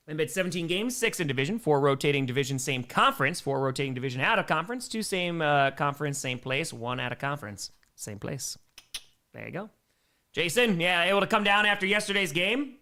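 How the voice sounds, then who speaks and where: A man's voice: a little high, pushed and bright. A man giving casual play-by-play on a live stream, chatting with viewers and answering their donation messages between plays. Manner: plays called in a plain announcer tone.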